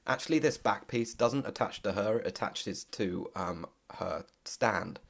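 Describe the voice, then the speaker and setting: A man hosting a casual product review voice-over, talking in a candid, relaxed way with occasional hesitations. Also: lowish voice, unhurried, creaky. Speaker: host reviewing a model kit.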